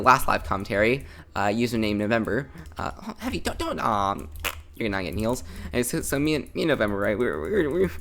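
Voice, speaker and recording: A man's voice: medium pitch, a bit bright. A teenage boy rambling through a live gameplay commentary from his desk, giggling and tagging "right?" onto his sentences. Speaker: gaming channel host.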